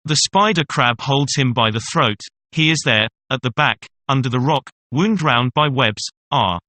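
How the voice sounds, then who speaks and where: A man's voice: mid-range voice, a little slow, sharp tone, no echo. A man voicing a frightened old female servant in a hypnotic trance, speaking in a gasping, strangled way. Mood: entranced terror.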